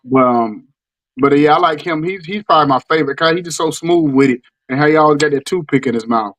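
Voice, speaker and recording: Stammering middle-aged Southern man, high-ish voice. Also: quick pace, dry recording. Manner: animated, repeats words and stammers restarts. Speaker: podcast host. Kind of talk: casual chat.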